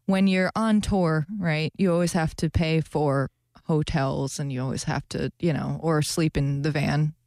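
A woman's voice: low-pitched, fairly even intonation, unhurried, darkish tone, no echo, studio quality. A young woman co-hosting a radio show, chatting casually and animatedly, often laughing. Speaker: radio co-host. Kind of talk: casual chat.

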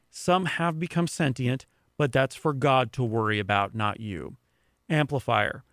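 A man's voice: gravelly, no echo, studio quality. A man voicing a hyped salesman in a spoof radio ad, hammy and sing-song. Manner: quiet hammy pitchman. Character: mock ad announcer, male, hyped salesman.

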